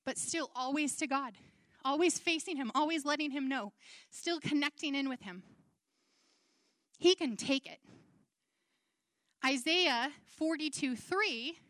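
Woman giving a sermon, earnest and chatty, high voice, dry close sound. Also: a bit bright, no room sound. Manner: earnest, conversational, with dramatized quotes. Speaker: preacher.

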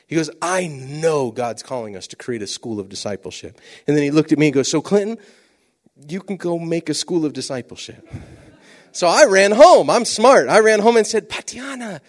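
A man giving a sermon-style talk, telling stories animatedly and dropping to a near whisper for emphasis. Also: fairly high pitch. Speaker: missionary speaker.

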